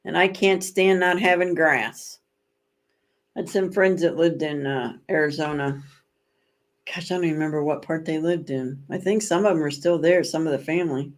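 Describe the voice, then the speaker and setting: A woman's voice: low-pitched, steady tone, moderate pace. A woman hosting a casual livestream chat with viewers, telling stories in a rambling, self-correcting way with dramatic emphasis. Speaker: livestream host.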